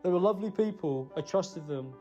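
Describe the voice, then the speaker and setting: A man giving an emotional, halting spoken apology. He blames himself, pauses often and restarts his sentences. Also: sits high, animated, mellow, dull audio, soft background music. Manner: halting, self-blaming, full of pauses and restarts. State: emotional, choked up. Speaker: person recording a personal apology.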